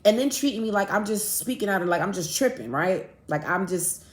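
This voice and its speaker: A woman's voice: mid-range voice, a little fast. Blunt woman telling a story in an echoey room. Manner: blunt, profane, animated storytelling. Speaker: podcast host. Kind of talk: casual storytelling.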